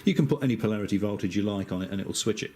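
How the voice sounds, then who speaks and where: A middle-aged man with an Australian accent, speaking a little on the low side, explains a circuit step by step. His delivery is easygoing and chatty, full of small hesitations and dry asides. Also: racing, dark tone. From Western Australia. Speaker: amateur radio operator. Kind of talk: casual technical explanation.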